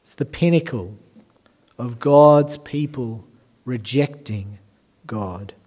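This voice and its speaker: A man preaching a sermon, moving from hushed lines to loud, emphatic ones. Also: mid-range voice, takes it slowly. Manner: swings from quiet to loud and emphatic.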